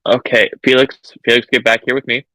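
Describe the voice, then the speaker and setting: A man's voice: mid-range voice, little pitch movement, a little fast, pushed and bright, dry recording, low-quality recording. A man playing a tabletop game, hesitant and stammering, with the odd swear. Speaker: player. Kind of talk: casual tabletop play.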